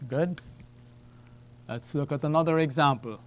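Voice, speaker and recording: Male language teacher, slow and deliberate, repeats words, checks in with "okay?" and "all right?". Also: on the high side. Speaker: Arabic teacher. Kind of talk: classroom lesson at a whiteboard.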